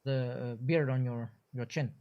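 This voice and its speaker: A man's voice: mid-range voice, normal speed, lo-fi sound, a little hiss or hum. A man who is a game developer, chatting casually on a livestream and explaining things at length with frequent restarts. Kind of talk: casual gameplay chat.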